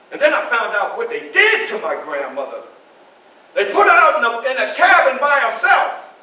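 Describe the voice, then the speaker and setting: A man's voice: high-pitched, pushed and bright, a little hiss or hum, exaggerated voice. An actor playing an earnest, grave formerly enslaved man in a theatrical first-person monologue, with emphatic storytelling and dramatic repetition. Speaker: historical reenactor. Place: library event room. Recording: echoey room from a distant camera.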